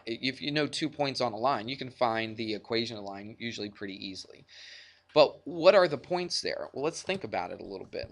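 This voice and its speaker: A man's voice: mid-range voice, fairly bright tone. A man teaching a math class, telling a personal story in a chatty, self-deprecating way before getting back to the lesson.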